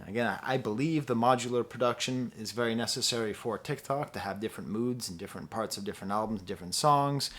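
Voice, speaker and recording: A man's voice: mid-range voice, a bit bright. A man giving a casual spoken album review, chatty and wry, now and then quoting lyrics in a sing-song voice. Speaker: music reviewer.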